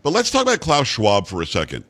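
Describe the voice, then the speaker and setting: A brash man hosting talk radio speaks quickly and bluntly, jumping in on his guest. His pitch swings widely as he builds his points, from a middle-range base. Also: huge pitch swings, a bit bright. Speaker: radio talk show host.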